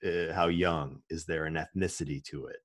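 Deep-voiced man in a dry room. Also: moderate pace, no echo. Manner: relaxed, explanatory, many restarts. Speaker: guest, commercial producer and voice-over artist. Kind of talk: casual interview talk.

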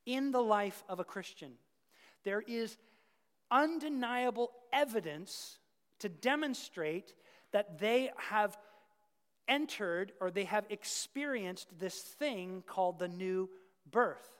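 Brief: pastor preaching a sermon, mid-pitched voice, dropping to a whisper then building loud, long hall echo. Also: expressive, takes it slowly. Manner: emphatic, swings from hushed whispers to loud outbursts; repeats words for stress.

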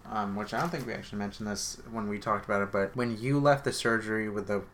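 A man's voice: on the low side, fairly even intonation, fast talker, background noise. A man co-hosting a podcast, casually recapping a TV episode in a rambling way and correcting himself as he goes. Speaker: podcast co-host.

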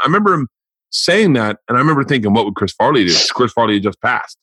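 A man in his forties, a comedian hosting a podcast, telling stories in a casual, profane, animated way. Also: mid-range voice, fast, slightly rough, no room sound. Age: 40s. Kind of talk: casual storytelling chat.

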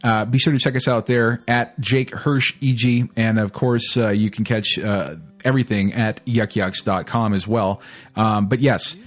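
A man's voice: on the low side, steady tone, unhurried, faint music behind. A man hosting a podcast, talking casually in an enthusiastic, rambling way and often correcting himself. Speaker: podcast host.

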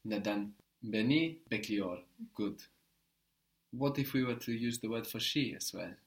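A man's voice: lowish voice, measured pace. A man teaching a language lesson, patiently prompting a student with short praise.

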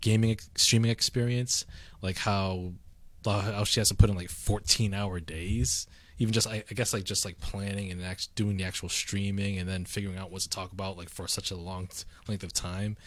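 A man's voice: sits low, fairly even intonation, normal speed, fairly bright tone, no room sound. A man co-hosting a casual chat, rambling with lots of fillers and restarts. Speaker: podcast co-host.

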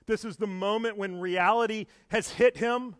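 Man, pastor, high voice, earnest sermon, hushed to loud, repeats words, long hall echo. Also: fairly even intonation, normal speed. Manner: stumbles and repeats words, with small laughs. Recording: echoey hall with long reverb.

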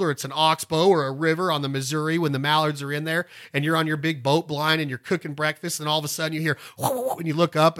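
Folksy man, bright high voice. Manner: folksy and rambling, breaks into loud duck calls. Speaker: podcast host and duck calling instructor. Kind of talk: casual instructional talk.

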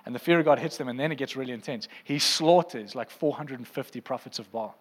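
A man's voice: medium pitch, quick pace. A man preaching a sermon to his congregation, fervent and playful, teasing the room now and then. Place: church auditorium. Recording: long hall reverb in a church.

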